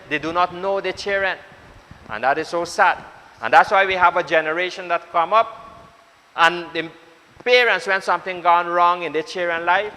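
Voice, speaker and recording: A man's voice: high-pitched, pushed and bright, big-room sound. A man preaching a sermon as pastor, exhorting his congregation with repeated phrases and direct address. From Suriname. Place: church.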